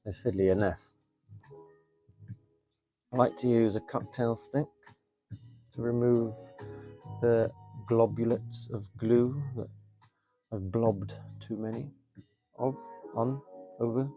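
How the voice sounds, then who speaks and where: A man's voice: mid-range voice, steady tone, slow pace, long pauses, dark tone. A man talks casually through a live crafting stream, half to himself and half to his viewers. His voice sits mid-range, and faint music plays in the background. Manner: chatty, mutters while working, reads viewer comments. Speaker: model railway hobbyist streamer.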